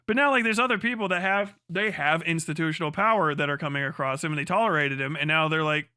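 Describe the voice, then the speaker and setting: A man's voice: a little high, fast talker, hardly any pauses, bright, forceful tone, clear, resonant tone, no echo, clean studio sound. A man ranting on a livestream, heated, sarcastic and full of swearing. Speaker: streamer. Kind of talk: livestream rant.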